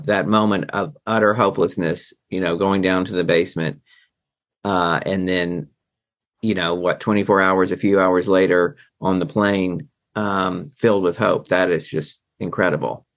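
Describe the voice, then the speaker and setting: A man's voice: low-pitched, fairly even intonation, a little slow, a bit bright. A man hosting a podcast, interviewing a guest in a supportive way with affirmations. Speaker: podcast host.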